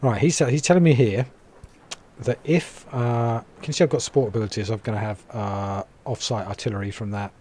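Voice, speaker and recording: A man's voice: mid-range voice, fairly even intonation, brisk, darkish tone, a little hiss or hum. An English man giving casual, chatty gameplay commentary, wry and a little grumbling. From England.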